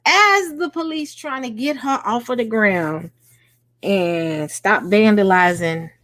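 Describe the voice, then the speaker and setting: A woman's voice: mid-range voice, takes it slowly, no room sound, clean studio sound. A woman hosting a late-night livestream, talking earnestly and conversationally to her chat. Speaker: host.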